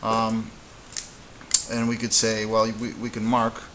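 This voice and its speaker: A man teaching a casual whiteboard lesson, relaxed and halting, with frequent fillers and restarts. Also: fairly low pitch, slight background noise, low-quality recording. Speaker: Spanish teacher.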